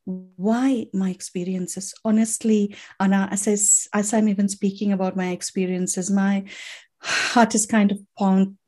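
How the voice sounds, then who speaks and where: A woman's voice: medium pitch, little pitch movement, measured pace, a little mellow, soft background music. A woman and native Tamil speaker, a podcast guest, telling her personal story with heartfelt gratitude, emotional and close to tears, often restarting her sentences.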